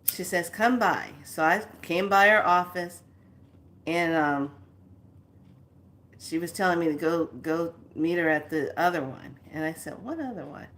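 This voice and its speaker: A woman's voice: sits low, a little slow, long pauses. A woman hosting her own spiritual channel, telling a story casually and acting out both sides of the conversation. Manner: animated, acts out both sides of a conversation with laughs. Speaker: spiritual teacher and channel host.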